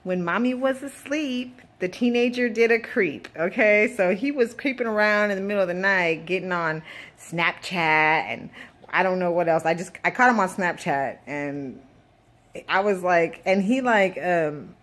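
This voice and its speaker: A woman's voice: fairly low pitch, unhurried, fairly bright tone. A woman in her thirties, a mother venting in a casual vlog, blunt and profane with rambling asides. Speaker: parent vlogger.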